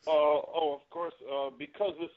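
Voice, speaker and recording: A man's voice: on the high side, little pitch movement, moderate pace. A man being interviewed as a guest who explains things earnestly and often restarts his sentences. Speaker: guest, professional wrestler. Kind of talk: casual interview over the phone. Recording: tinny phone line.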